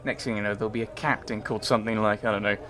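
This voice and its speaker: A man's voice: fairly low pitch, flat delivery, rapid-fire, a bit bright. A man giving casual commentary on his gameplay, rambling and chatty, often mocking himself. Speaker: let's play host.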